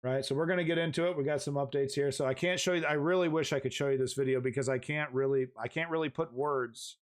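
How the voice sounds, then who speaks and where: A man's voice: mid-range voice, steady tone, fast talker, clean tone. A man hosting a live news stream, talking casually in a rambling, emphatic way full of restarts and the odd curse word.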